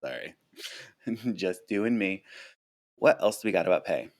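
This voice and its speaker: Casual live-stream host: a chatty, animated man with a lowish voice, close mic. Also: a little slow. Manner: chatty and animated, lots of fillers and restarts. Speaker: flight attendant streamer. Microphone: close desk mic.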